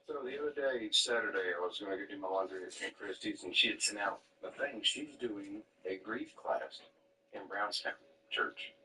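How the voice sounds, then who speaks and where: A man's voice: fairly low pitch, normal speed, sharp tone, recorded from a distance, rough recording. A man in casual chat, telling laid-back family anecdotes with some swearing.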